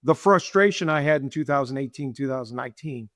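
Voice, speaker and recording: In a casual interview, a middle-aged business owner talks fast in a medium-pitched voice, telling animated stories and acting out the dialogue he quotes. He repeats himself often, and the studio-quality recording has no room sound.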